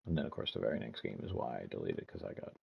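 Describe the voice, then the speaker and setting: Gravelly deep-voiced man in his fifties. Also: expressive, racing, dull audio. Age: 50s. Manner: ranting, swearing storyteller. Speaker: gaming streamer. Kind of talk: casual stream chat.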